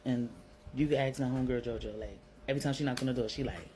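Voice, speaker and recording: Her voice is very deep and a little mellow, her intonation fairly even, and she talks fast. A young woman from Brooklyn with a New York accent, she relates a personal story bluntly, peppered with slang, swearing and "like." The audio is poor, with some hiss or hum.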